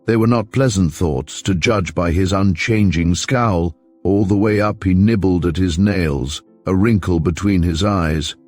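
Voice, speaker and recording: A man narrating a mystery novel as an audiobook, steady and measured. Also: low-pitched, faint music behind. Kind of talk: scripted narration.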